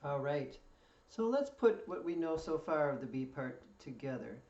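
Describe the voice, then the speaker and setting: Patient fiddle teacher counting in, roomy. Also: male voice, fairly high pitch, sing-song, darkish tone. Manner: patient, counts in slowly before each play-through. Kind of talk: step-by-step music lesson. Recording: echoey room, distant mic, dull sound. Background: fiddle playing.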